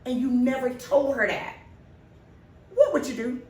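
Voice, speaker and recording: A woman's voice: sits high, expressive, measured pace, a little mellow. A woman co-hosting a podcast, telling a family story in casual chat and acting out the quoted lines. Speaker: podcast co-host. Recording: roomy, distant mic, faint noise.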